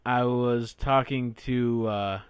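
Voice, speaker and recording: A man's voice: mid-range voice, fairly even intonation, slow pace, clean tone, dry recording, highs cut off. A man co-hosting a casual podcast, telling stories in a crude, profane, ranting way. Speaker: podcast co-host.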